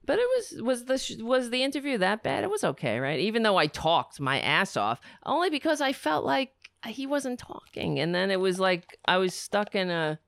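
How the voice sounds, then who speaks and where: A woman's voice: medium pitch, very animated, normal speed, gravelly, few pauses, dry recording. A woman hosting a casual livestream chat, rambling, swearing and putting herself down. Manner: self-deprecating, rambling, swears a lot. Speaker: livestream host.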